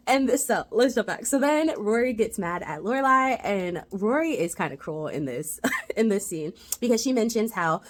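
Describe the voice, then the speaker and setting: A woman's voice: medium pitch, big pitch swings, brisk. A woman giving a casual, chatty recap of a TV episode, retelling it with lots of "like" fillers. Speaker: TV rewatch reviewer.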